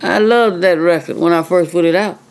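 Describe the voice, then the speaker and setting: A woman's voice: lowish voice, moderate pace, a little mellow, smooth. An older woman, a retired singer, chatting in an interview and acting out voices from her stories, sprinkling in "you know". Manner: chatty, acts out quoted dialogue, frequent "you know". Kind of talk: casual storytelling interview.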